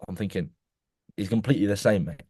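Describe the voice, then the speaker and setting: Young podcast host, low-pitched, animated rambling storyteller, dry close sound. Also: male voice, fast talker, breathy edge, dry recording. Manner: animated storyteller, many restarts, keeps saying "mate". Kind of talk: casual chat.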